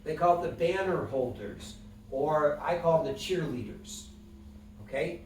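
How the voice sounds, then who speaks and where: A man's voice: on the high side, measured pace, a little mellow, slight background noise. A man instructing a class, explaining in plain terms and asking the students questions as he guides them through breathing. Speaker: wellness instructor. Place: room with a class present. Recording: echoey room, mic from a distance.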